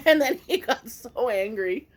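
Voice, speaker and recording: A woman vlogger telling a story in casual mukbang chat, animated and swearing freely. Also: low voice, a little hiss or hum.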